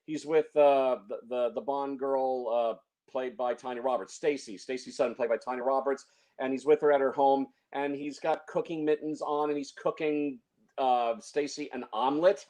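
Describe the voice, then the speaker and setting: A man's voice: medium pitch, steady tone, moderate pace, dark tone. A man reviewing films in casual chat, opinionated, stumbling over restarts and fillers. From San Francisco Bay Area. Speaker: film reviewer.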